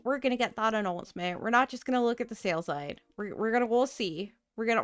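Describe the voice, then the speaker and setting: A young woman chats over a life-sim game with a playful, self-mocking running commentary. Her voice is fairly high and smooth, close to the mic in a dry space. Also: fairly bright tone, no room sound. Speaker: gaming creator. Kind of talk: casual gameplay commentary.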